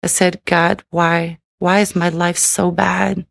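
A woman's voice: fairly low pitch, level tone, slow pace, gravelly, no echo, studio quality. A middle-aged woman giving an emotional personal testimony in a tearful manner, with many repeated "you know"s. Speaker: testimony speaker.

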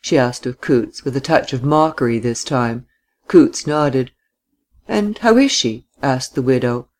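A man reading a novel aloud as narrator, steady and even. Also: mid-range voice, unhurried. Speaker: audiobook narrator.

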